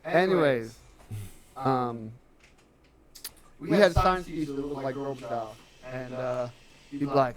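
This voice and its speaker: Young guy cohosting a stream, kinda high voice, cracking up and cussing, crowd noise behind. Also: a little slow, long pauses. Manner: laughing, swearing banter, animated storytelling. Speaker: podcast co-host and streamer. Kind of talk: casual chat.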